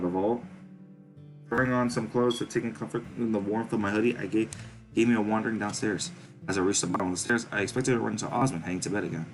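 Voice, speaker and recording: Reading visual novel narration for his viewers, this streamer keeps tripping over words and fixing them. His voice is on the low side, and the recording quality is poor.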